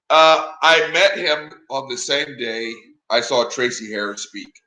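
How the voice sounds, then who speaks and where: Guest, forthright man, bright edgy tone, room echo around him. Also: mid-range voice. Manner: forthright, blunt, emphatic. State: clearing throat from allergies. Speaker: interview guest. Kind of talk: casual interview chat. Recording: echoey room.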